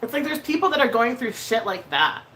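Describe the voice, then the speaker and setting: A woman's voice: on the high side, big pitch swings, fairly quick, a bit bright, slight background noise, low-quality recording. Emotional woman venting on a livestream. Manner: emotional, venting, swears freely, laughs often. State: emotional, near tears. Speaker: livestream host. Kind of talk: casual livestream chat while doing makeup.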